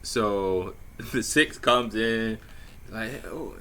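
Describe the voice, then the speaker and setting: A man with a low, bright voice drawls through a casual story at an unhurried pace. He sounds relaxed and slangy, swearing freely and padding his lines with fillers. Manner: laid-back, slangy and profane, many fillers. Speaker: vlogger telling a dating story.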